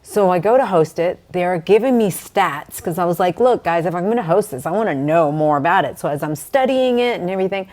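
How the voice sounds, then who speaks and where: A woman hosting a casual interview, engaged and quick with affirmations. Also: on the low side, expressive, a little mellow. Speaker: host.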